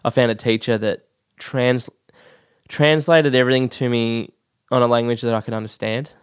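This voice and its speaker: An Australian man in his thirties, a podcast guest casually telling his life story, relaxed, swearing freely and saying "like" a lot. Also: mid-range voice, moderate pace, clean tone, dry recording, clean studio sound.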